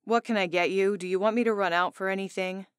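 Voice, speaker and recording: A woman voicing a caring young man who looks after a sick friend, in a concerned and gently urging manner. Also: mid-range voice, fairly even intonation, fast, smooth, dry recording, clean studio sound, lightly acted. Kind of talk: audiobook character dialogue.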